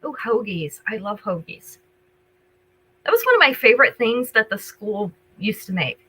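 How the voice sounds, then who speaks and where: A woman's voice: medium pitch, very animated, moderate pace, pushed and bright, slightly rough, rough recording. An older woman hosting a live jewelry sale, chatting casually with viewers, greeting them by name and describing each item. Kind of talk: casual live-stream selling chat.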